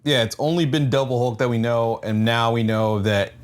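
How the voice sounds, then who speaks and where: A man's voice: mid-range voice, normal speed. Man chiming in with dry asides. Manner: short interjections and dry asides. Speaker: comic book podcast co-host. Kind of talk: casual comic review chat.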